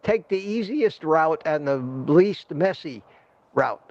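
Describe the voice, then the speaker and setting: Male stream host, high-pitched, chatty and repetitive, muffled lo-fi sound. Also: expressive, slow, a little mellow, no echo. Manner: laughing, upbeat, repeats himself. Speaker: livestream host. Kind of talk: casual group chat.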